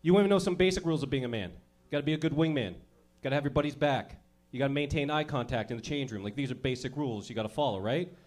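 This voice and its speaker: A man's voice: medium pitch, racing, hardly any pauses, a little mellow. A man in his thirties doing profane stand-up comedy, working the crowd and laughing at his own jokes.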